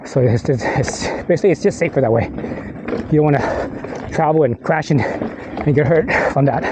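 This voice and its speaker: A man's voice: on the high side, normal speed. Breathless man talking while riding a rocky trail. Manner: rambling, restarts, swears under his breath. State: out of breath from climbing. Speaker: mountain biker filming his ride. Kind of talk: casual ride vlog talk. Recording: clear wind and rattle noise.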